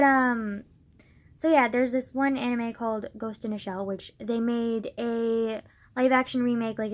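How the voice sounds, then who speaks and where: A young woman vlogging in a loose, rambling way, filling every gap with "like" and the odd swear word. Her voice sits a little high, and she drifts from sleepy mumbling to heated ranting. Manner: rambling, heavy use of "like", swearing, gets worked up. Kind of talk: casual rambling monologue.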